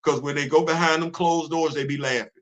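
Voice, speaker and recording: Man, host, emphatic and preachy, bright forceful tone, slightly high voice. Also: fairly even intonation, brisk. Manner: emphatic, preachy, repeats himself. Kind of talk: casual livestream commentary.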